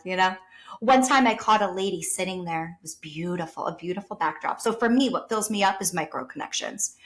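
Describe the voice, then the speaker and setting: Guest spot: New York woman, teacher, animated storyteller who acts out the people she quotes, mid-pitched. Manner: animated storyteller, voices quoted people, sometimes drops to a whisper. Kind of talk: casual conversation.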